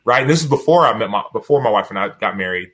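A man in his thirties telling stories as a podcast guest, animated and acting out what others said, often adding "right?". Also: on the low side, fast, slightly rough. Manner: animated storyteller, acts out quotes, frequent "right?". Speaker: guest author. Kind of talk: podcast interview storytelling.

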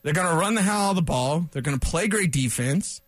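A man hosting a solo sports talk radio show in a studio, fired up and loud, rambling with sarcastic asides. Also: a little high, lively intonation, fairly quick, dry recording.

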